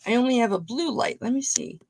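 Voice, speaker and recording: Lady selling jewelry on a live stream, kinda high gravelly voice, chatty with viewers. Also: expressive, a little fast, a little mellow. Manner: chatty, talks to viewers by name. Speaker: live auction seller.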